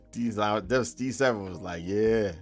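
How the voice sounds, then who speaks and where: A man's voice: lowish voice, sharp tone. Male game-dev streamer, casual and joking, faint music underneath. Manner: loose, joking, laughs often, talks to chat. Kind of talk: casual live stream chat.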